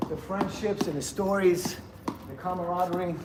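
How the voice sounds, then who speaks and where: A man's voice: sits high, fairly even intonation, moderate pace, very noisy. A man in his fifties chatting casually on a livestream from a gym, rambling and laughing often as he greets viewers. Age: 50s.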